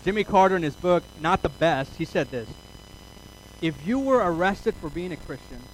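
Male preacher, high voice, lively storytelling sermon, faint background hum. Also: normal speed, poor audio. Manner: animated storytelling, acts out his own inner voice. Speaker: pastor.

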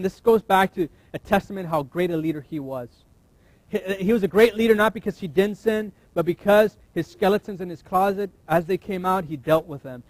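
Male pastor, sermon delivery. Reads scripture, then preaches in a plain, conversational tone with emphatic slowdowns. The voice sits a bit high, and the recording is close and dry. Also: dry recording, poor audio.

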